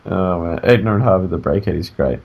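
A man co-hosting a casual podcast from bed, sleepy and yawning, talking in an animated, joking way that trails off and restarts. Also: deep voice, fairly quick, gravelly, dull audio. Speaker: podcast co-host. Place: in bed at home.

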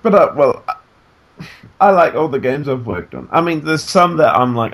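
A man co-hosting a casual podcast, teasing and animated, laughing often. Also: mid-range voice, normal speed, slightly rough. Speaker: podcast co-host and game developer.

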